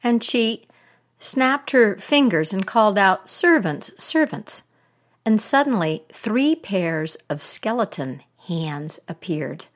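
A woman telling a folktale aloud in a deliberate, expressive way. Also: mid-range voice. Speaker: storyteller.

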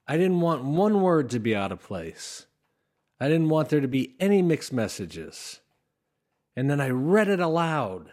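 A man coaching comedy writing in a conversational talk to camera, breaking into animated bursts and dry sarcastic asides when he demonstrates delivery. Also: medium pitch.

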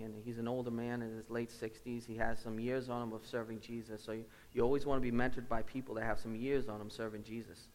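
A man preaching a sermon in a church, earnest and personal, often repeating his key lines for weight. His voice sits at an ordinary middle pitch and carries a long reverb from the sanctuary. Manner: earnest, storytelling with repeated phrases. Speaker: lead pastor.

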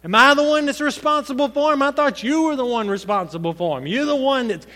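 A man's voice: very high voice, expressive, quick pace, sharp tone, voice pushed up, full character voice. A man preacher acting out a sulky, defiant young man who answers back with sarcasm. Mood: sarcastic. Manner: sarcastic, defensive. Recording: echoey hall with long reverb.

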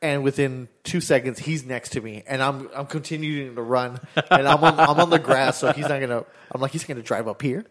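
A man's voice: medium pitch, fairly quick, hardly any pauses, a bit bright. A young man casually telling a story, rambling, swearing freely and acting out the dialogue.

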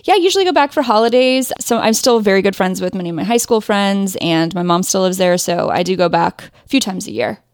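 A woman's voice: medium pitch, fast talker, few pauses, dry recording. Chatty Midwestern American woman, dry sound. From Ohio, USA. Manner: friendly, chatty, laughs easily. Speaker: guest, knitwear designer. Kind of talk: casual interview chat.

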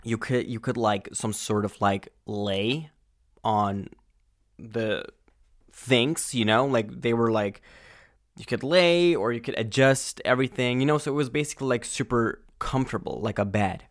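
A male podcast host ranting angrily and profanely in a casual monologue, full of fillers and sudden loud outbursts. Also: mid-range voice, measured pace, no echo, clean studio sound. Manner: angry, exasperated, profane.

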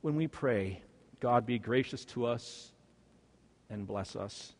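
Pastor preaching in a reverberant church. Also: male voice. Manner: swings between loud, slow emphatic peaks and quiet, low endings. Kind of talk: sermon. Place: church sanctuary. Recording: long hall reverb.

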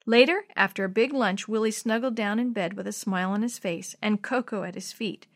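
A woman's voice: medium pitch, brisk. A woman reading a children's chapter book aloud in a scripted narration, lifting her voice for the dialogue. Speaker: storybook reader.

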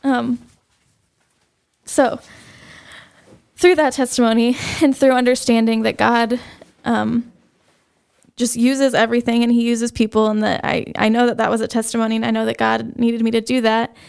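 Young adult woman, interview guest; earnest, halting testimony, fairly high and flat, fry under a smooth tone. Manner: earnest, halting, with many fillers. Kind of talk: personal faith testimony.

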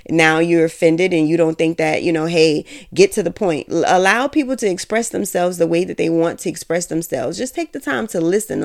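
A woman's voice: on the low side, vocal fry, darkish tone. A woman hosting a solo podcast, giving candid, emphatic and rambling opinions. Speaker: podcast host.

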